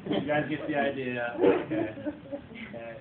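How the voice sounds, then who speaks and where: A man delivers a comic speech to a seated audience and pokes fun at himself as he tells his stories. His voice sits at an ordinary pitch. The recording is thin and distant, with room echo and steady noise behind it. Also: unhurried. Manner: self-mocking storyteller, playful. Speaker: club speaker. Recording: tinny echoey far-off recording, noisy.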